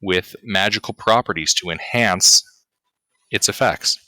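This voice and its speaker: A man narrating as game master of a tabletop game, deliberate and pausing as he describes finds. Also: lowish voice, sharp tone, no room sound. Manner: slow, deliberate narration with pauses.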